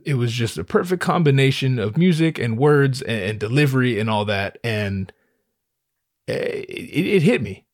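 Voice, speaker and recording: A man's voice: mid-range voice, no echo, clean studio sound. A man in his thirties talking in a casual solo monologue, rambling and swearing, with frequent stammered restarts.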